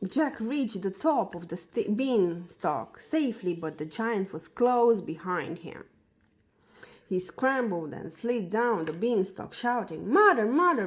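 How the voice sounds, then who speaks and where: A woman reading a fairy tale aloud for children, slowly and with small slips and restarts. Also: mid-range voice, darkish tone, low-quality recording. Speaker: storyteller.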